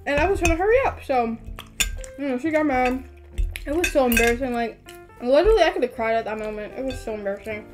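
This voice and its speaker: High-voiced young woman telling a story. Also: quick pace, music in the background. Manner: animated storytelling, lots of "like". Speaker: podcast co-host. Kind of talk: casual storytelling chat.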